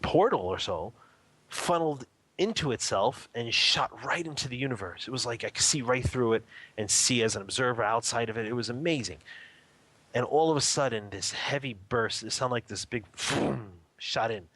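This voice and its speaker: A man's voice: medium pitch, normal speed, a bit bright, breathy edge, no echo. A man, a spiritual teacher, telling a personal story in a radio interview, earnest and vivid, often rephrasing as he describes what he saw.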